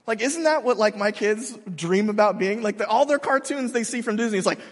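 A man's voice: high voice, a little fast. A man in his thirties, a pastor giving a sermon in a large hall, talking in a casual, self-mocking, conversational way.

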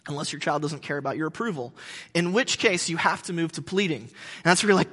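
A pastor preaching a sermon in a conversational way, with joking asides. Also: male voice, on the high side, fast, sharp tone, in a large hall.

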